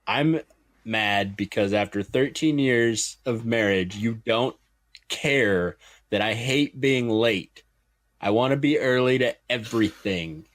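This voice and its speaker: A man's voice: medium pitch, fairly bright tone, no echo. A man in his thirties co-hosting a podcast, telling a rambling personal story in casual chat. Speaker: podcast co-host.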